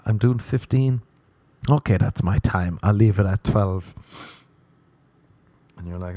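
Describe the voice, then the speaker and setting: A man's voice: fairly low pitch, unhurried, mellow, dry recording, clean studio sound. An Irish man who does stand-up, telling profane, playful stories in a casual rambling podcast monologue while sunburnt. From Ireland. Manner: profane, playful storytelling with mocking quoted voices. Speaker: comedian podcast host.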